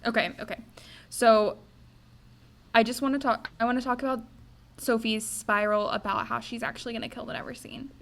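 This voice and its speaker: A woman's voice: on the high side, flat delivery, a little fast, creaky, fairly bright tone. Chatty young woman co-hosting a book podcast. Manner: chatty, reads her notes and book passages aloud. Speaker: podcast co-host. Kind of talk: casual book-discussion chat.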